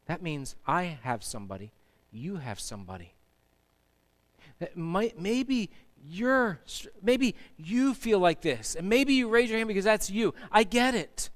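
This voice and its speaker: Unhurried and sing-song, a man's high-sitting voice carries a sermon through a church sanctuary. He preaches as pastor with emphasis, urging the congregation to answer back.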